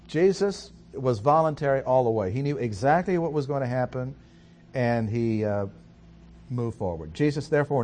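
A man giving a Bible study lecture, reading scripture in a measured, deliberate way with pauses. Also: mid-range voice, darkish tone, slight background noise. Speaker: Bible teacher.

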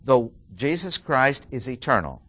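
A middle-aged man teaching through a Bible passage, deliberately repeating key phrases and stressing single words. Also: mid-range voice, sing-song, a bit bright, slightly rough. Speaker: preacher.

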